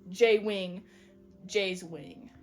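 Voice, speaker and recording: A woman's voice: medium pitch, very slow, a little mellow, soft background music. A young adult woman chatting casually, giggly and slangy as she retells a story. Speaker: podcast co-host. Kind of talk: casual chat.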